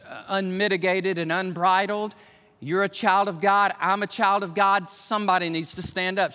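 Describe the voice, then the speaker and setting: A man preaching a sermon to his church as pastor, swinging between loud exhortation and quiet emphasis. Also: high-pitched. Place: church sanctuary. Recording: long hall reverb.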